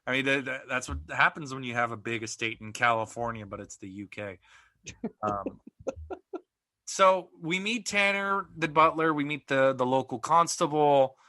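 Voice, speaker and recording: A man's voice: medium pitch, moderate pace, sharp tone, no room sound. A man co-hosting a podcast in casual chat, recapping plot at length with plenty of ums and uhs. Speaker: podcast co-host.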